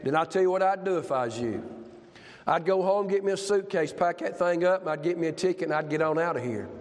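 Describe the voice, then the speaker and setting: Fervent high-voiced preacher man in a reverberant church. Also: fast. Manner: fervent, rising and falling preaching cadence. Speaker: pastor. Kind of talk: sermon. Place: church sanctuary. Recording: long hall reverb.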